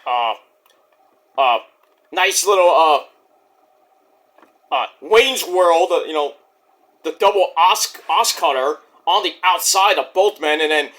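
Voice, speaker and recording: A man giving a casual, rambling vlog review of a wrestling show, cursing freely and filling pauses with lots of "uh.". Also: a little high, bright, forceful tone. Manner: rambling, profane, many fillers.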